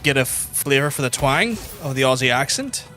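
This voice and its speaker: A young Irish man talking on a gaming stream from his desk mic, in a mid-pitched, easygoing voice. He is chatty and blunt, with plenty of swearing and restarts. Game music plays clearly behind him. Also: animated, fairly quick, pushed and bright. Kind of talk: casual livestream chat while gaming.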